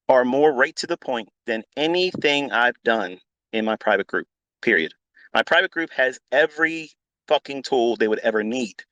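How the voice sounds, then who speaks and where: A middle-aged man rants at his listeners in a blunt, profane, unscripted way, repeating his points and flaring into loud outbursts. His voice sits at an ordinary male pitch, and the sound is dry and close with no room echo. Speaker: trading educator hosting a live audio chat.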